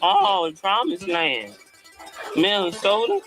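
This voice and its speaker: A bewildered enslaved man in a comedy film. He rambles in a slow, high voice with a clearly heard music bed behind him. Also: wildly swooping pitch, sharp tone, exaggerated voice. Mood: confused. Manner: rambling, slow-witted comic delivery.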